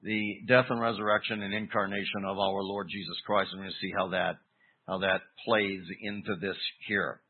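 A man preaching an expository sermon, teaching deliberately with emphatic pauses. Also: lowish voice, little pitch movement. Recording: tinny phone-like recording.

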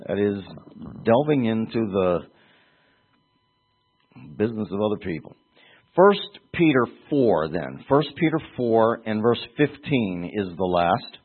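A man preaching a Bible-teaching sermon in a husky voice, talking conversationally and pressing points with rhetorical questions. The sound is thin and tinny, like a phone line. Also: lowish voice, very animated, slow.

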